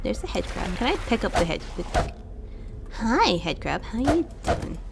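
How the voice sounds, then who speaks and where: A woman's voice: medium pitch, big pitch swings, measured pace, vocal fry, heavy background noise. A young woman, streaming a video game and chatting with her viewers, swearing and venting her frustration. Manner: swearing, talking to chat, frustrated outbursts. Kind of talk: casual live-stream commentary.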